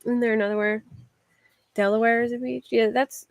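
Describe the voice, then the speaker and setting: A woman's voice: a little high, little pitch movement, a little fast, vocal fry, dry recording. Woman, Philadelphia accent, rambly livestream chatter, dry close sound. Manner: rambling, with frequent "like" fillers. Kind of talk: casual chat answering a live chat.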